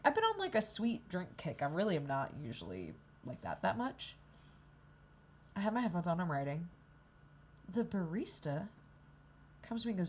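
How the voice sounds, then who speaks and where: A woman's voice: lowish voice, huge pitch swings, normal speed, long pauses, darkish tone, slight background noise. A young woman rambling in a candid, profane vlog at a coffee shop, hungover. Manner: rambling, profane, self-deprecating. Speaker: vlogger.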